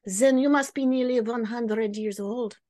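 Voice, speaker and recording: A woman's voice: steady tone, unhurried, lightly acted. A woman putting on a perplexed noble countess. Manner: exclaiming, higher and louder.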